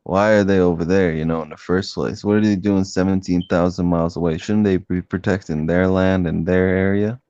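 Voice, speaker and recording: A man with a low, dry voice tells stories in a casual, heated debate. He rambles, repeats himself and keeps saying bro. The recording sounds a little dull. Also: steady tone, a little fast, hardly any pauses, darkish tone, smooth, dry recording. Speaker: debate participant.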